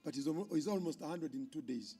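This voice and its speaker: A Ugandan man emcees a conference from the stage, his voice husky and mellow yet pitched a touch high. He calls out to the crowd in a loud, animated way. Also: quick pace. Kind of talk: live stage hosting.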